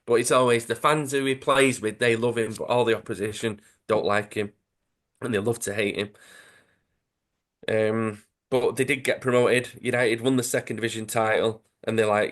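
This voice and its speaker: A man with a lowish, slightly bright voice speaks at a normal pace with fairly even intonation. He's co-hosting a podcast, retelling a comic story with chatty enthusiasm in a casual conversation.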